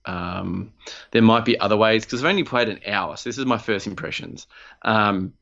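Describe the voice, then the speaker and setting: A man's voice: lowish voice, animated, moderate pace, creaky, a bit bright, muffled recording. A man, co-hosting a podcast in loose, rambling casual chat, swearing freely. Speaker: podcast co-host.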